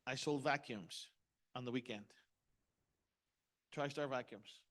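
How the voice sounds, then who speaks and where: A man's voice: mid-range voice, slow, fairly bright tone. A middle-aged man giving a motivational seminar talk, punchy and asking the audience questions. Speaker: motivational speaker.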